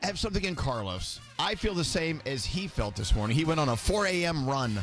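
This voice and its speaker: A man's voice: a little high, sing-song, brisk, a bit bright, faint music behind. A man hosting a morning radio show, teasing and joking with his co-hosts in a studio. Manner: playful, teasing, laughs often. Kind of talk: lively radio banter. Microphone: studio microphone.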